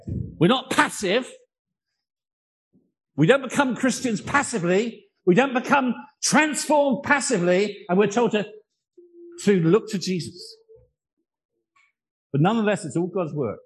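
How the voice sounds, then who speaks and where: A man's voice: high voice, lively intonation, unhurried, pauses often, slightly rough, low-quality recording. A man preaching a sermon, earnest and emotional, telling personal stories.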